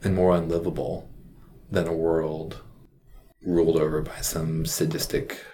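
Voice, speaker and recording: A man with a very low, deep voice tells a personal story from his work as a hospital chaplain. He speaks reflectively and haltingly, often pausing. A faint room ambience sits behind him. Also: level tone, dark tone, slight background noise.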